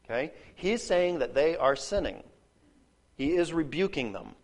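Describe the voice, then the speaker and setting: A man's voice: on the high side, animated, measured pace. A man giving a spoken lesson on a Bible passage. He explains as he goes, restarts and repeats words while he thinks, and checks in with "okay?" and "right?". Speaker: Bible teacher.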